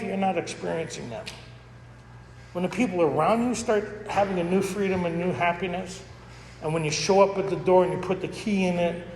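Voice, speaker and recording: Brief: middle-aged man, fairly high gravelly voice, candid rambling testimony, roomy hall with a long echo. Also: a little mellow. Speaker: recovery meeting speaker. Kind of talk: personal testimony talk. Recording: echoey hall with faint noise.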